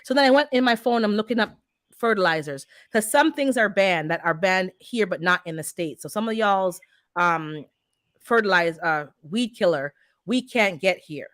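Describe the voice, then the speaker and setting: A woman hosting a gardening channel, chatting casually and telling a story with animated, heated energy. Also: medium pitch, moderate pace, no room sound, clean studio sound. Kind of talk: casual chat.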